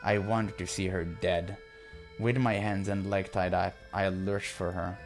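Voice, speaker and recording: A man's voice: deep voice, little pitch movement, unhurried, soft background music. Man reading a visual novel aloud. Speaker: let's-play narrator. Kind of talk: first-person narration of a visual novel.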